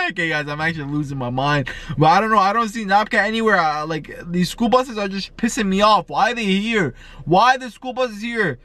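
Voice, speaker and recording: A young man vlogging in an excited, slangy way, often repeating himself. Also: sits high, fairly quick, hardly any pauses, no room sound. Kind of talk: excited casual vlog.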